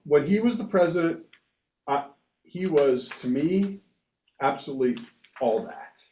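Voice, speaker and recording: Animated rabbi in an echoey room. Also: male voice, a little high, measured pace. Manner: animated, emphatic, many restarts. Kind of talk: casual discussion. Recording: echoey room, dull lo-fi sound.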